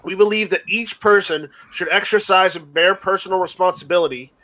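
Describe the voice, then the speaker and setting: A male host with a high voice reads a statement on a video call. He halts and restarts often, tripping over words as he goes. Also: bright, forceful tone, rough recording. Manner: stumbling, halting reader. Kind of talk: casual chat and reading a statement aloud.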